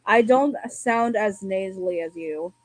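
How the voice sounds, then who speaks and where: A woman chatting casually in a monotone voice, stumbling through many restarts. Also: medium pitch. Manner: halting, stuttering restarts. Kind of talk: casual chat.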